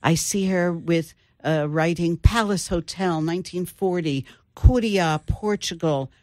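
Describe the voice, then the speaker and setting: An older woman, an author, telling her family story in an interview with thoughtful pauses. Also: fairly low pitch, dark tone, dry recording, studio quality. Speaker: author guest. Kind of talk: interview conversation.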